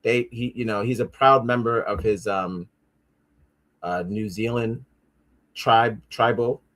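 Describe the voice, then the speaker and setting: A man's voice: lowish voice, steady tone, slow pace, a bit bright. A man hosting a casual pop-culture commentary show, rambling and profane, with many restarts and asides. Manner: easily frustrated, talks back at his devices. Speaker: podcast host.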